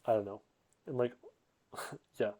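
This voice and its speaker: A man's voice: medium pitch, takes it slowly, dark tone. A young man giving a rambling, sleep-aid summary full of fillers and self-corrections. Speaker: host.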